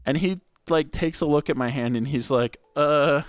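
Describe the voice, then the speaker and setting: Young male podcast host, crude and easygoing storyteller, clear voice, dry close mic. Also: fairly high pitch, moderate pace, dry recording. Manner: crude and laid-back, heavy on "like" and swearing. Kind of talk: casual storytelling chat.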